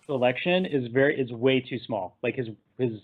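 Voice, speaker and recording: A man's voice: mid-range voice, animated, normal speed, slightly rough. A man hosts a casual movie chat and walks through the plot scene by scene. He rambles and laughs at his own asides. His voice comes through thin and tinny, like a phone call. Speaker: podcast host.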